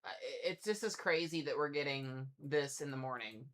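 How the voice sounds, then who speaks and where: A man's voice: medium pitch, moderate pace, a bit bright. A man hosting a casual weather livestream, chatting and thinking aloud as he waits for new forecast data to load. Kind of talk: casual live-stream weather commentary.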